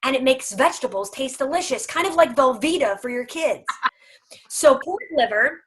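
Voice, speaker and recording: A woman's voice: high-pitched, animated, moderate pace, fairly bright tone. A woman speaking for a dog food company in a casual video chat, emphatic, humorous and persuasive.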